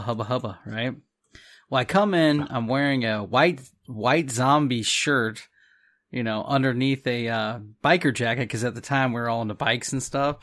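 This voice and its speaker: Brief: podcast co-host, man in his thirties, mid-pitched, rambling storyteller who chuckles between lines. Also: a bit bright. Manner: rambling, chuckling, acts out quotes. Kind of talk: casual storytelling chat.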